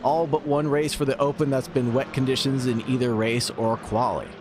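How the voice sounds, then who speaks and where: Guy doing race play-by-play, mid pitched, steady, noisy stream audio behind him. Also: moderate pace. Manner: steady play-by-play, reads chat, teasing. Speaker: sim racing commentator.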